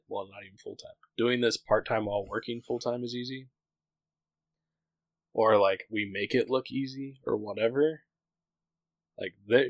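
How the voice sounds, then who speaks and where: A man's voice: on the low side, no room sound, rough recording. A man in his thirties, co-hosting a podcast, talking candidly in a rambling casual chat full of "like" fillers. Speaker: podcast co-host.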